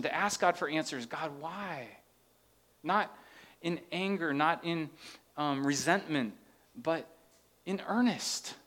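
This pastor's sermon is earnest, and as he reads scripture he builds into impassioned questions. His voice sits in the mid-range with a fairly bright tone.

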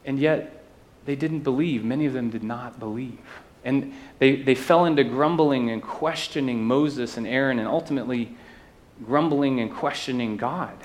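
A man's voice: medium pitch, normal speed. A man preaching a sermon to his church, talking conversationally and often checking in with the listeners. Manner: conversational preaching with asides and tag questions. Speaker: pastor.

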